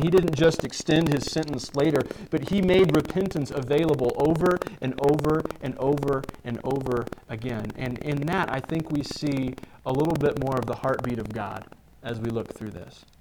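A man's voice: mid-range voice, noisy background. A man preaching a sermon in a loose, rambling way, full of restarts and asides. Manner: casual, rambling, with many restarts. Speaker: pastor.

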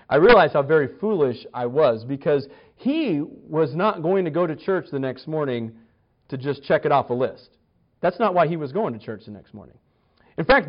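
A man gives a sermon in a relaxed, storytelling manner, often stammering and restarting his sentences. His voice sits a bit high for a man. The recording is dull and lo-fi, as if taped in a church. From United States. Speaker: pastor.

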